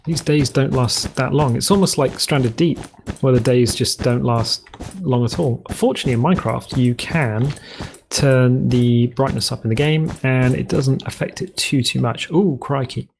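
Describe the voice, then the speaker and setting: A man's voice: mid-range voice, moderate pace, vocal fry, a little mellow, a little hiss or hum. A man with a rambling, jokey, self-correcting manner, giving casual commentary as he plays a game. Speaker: let's play host.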